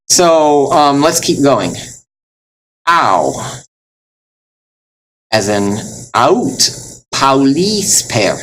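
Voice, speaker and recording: Male Latin teacher, unhurried and patient; enjoys the material, sounds words out carefully. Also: medium pitch, slight background noise, low-quality recording. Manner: patient, explains step by step and sounds words out slowly; mildly enthusiastic, calls things neat. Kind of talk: recorded classroom lesson.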